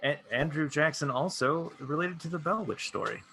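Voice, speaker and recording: A podcast co-host throwing in deadpan wisecracks. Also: normal speed, vocal fry, slight background noise. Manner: deadpan wisecracks, wide pitch swings. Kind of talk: casual comedy podcast chat.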